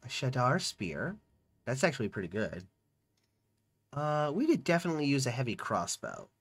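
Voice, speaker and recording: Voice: mid-range voice, huge pitch swings, a bit bright, slightly rough. A game streamer reading a fantasy video game's narration aloud dramatically and chatting casually about the choices between passages. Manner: reads narration dramatically, then chats quickly about choices.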